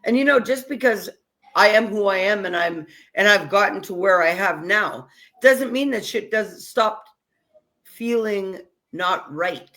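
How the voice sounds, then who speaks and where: A woman's voice: medium pitch, unhurried, bright, forceful tone. Woman host, casual chat, blunt and punchy, leans on short emphatic lines.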